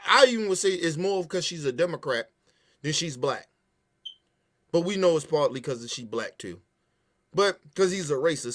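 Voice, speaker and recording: Profane ranting man, higher-pitched voice. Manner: profane, animated, emphatic ranting. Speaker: podcast host. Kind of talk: heated casual commentary.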